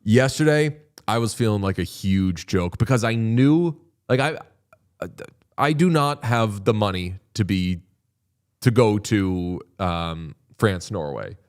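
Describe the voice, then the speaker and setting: Swearing heavily as he rambles through stories, this co-host of a laid-back sports podcast keeps the chat casual. He speaks slowly in an animated, lowish voice.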